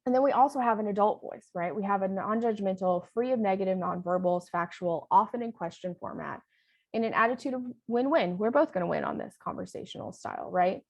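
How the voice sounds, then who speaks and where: A woman's voice: medium pitch, a little fast, creaky, darkish tone, dry recording, highs cut off. Conversational woman trainer, dry sound. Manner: conversational, often asks "right?". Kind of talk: online training lecture.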